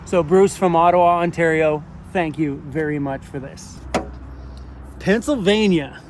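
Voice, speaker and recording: A man's voice: on the high side, measured pace, slight background noise. A man vlogging outdoors in a park, chatty and upbeat, laughing often as he opens packages. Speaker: van life vlogger. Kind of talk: casual vlog talk. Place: outdoors in a park by a parking lot.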